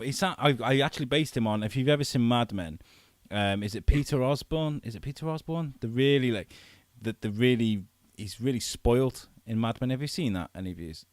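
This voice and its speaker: A man's voice: medium pitch, fairly quick, no echo. A man talking casually as a voice actor on a podcast, rambling and chatty with frequent restarts.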